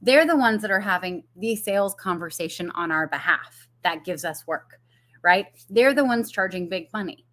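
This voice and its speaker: A woman's voice: fairly low pitch, expressive, moderate pace, fairly bright tone. A woman business coach giving a casual live-streamed talk, chatty with fillers and frequent laughs.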